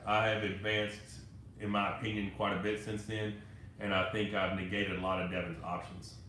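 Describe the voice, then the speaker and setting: Casual man hosting a live chat, halting comment reader, voice bouncing around a roomy space. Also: fairly low pitch, flat delivery, pushed and bright, a little hiss or hum. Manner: loose, halting, reads comments aloud with restarts. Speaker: live-stream host answering viewer comments. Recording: echoey room with faint ambience.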